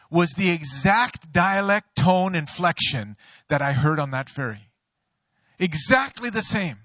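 A middle-aged pastor delivers his sermon in a high, bright voice. He tells stories with a playful, joking touch. The sound is dry and close. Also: no echo. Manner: storytelling, playful, laughs at own jokes.

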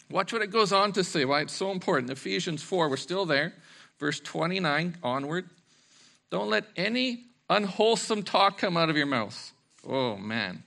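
Man, pastor, sermon, animated storytelling, bright tone, slightly high pitch. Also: creaky. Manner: animated storytelling with acted-out voices and laughter.

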